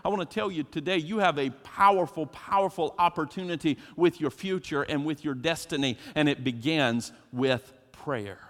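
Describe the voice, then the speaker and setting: A man's voice: fairly high pitch, normal speed, hardly any pauses, fairly bright tone. A man preaching a sermon as pastor, emphatic and preacherly, putting questions to his congregation. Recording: long hall reverb.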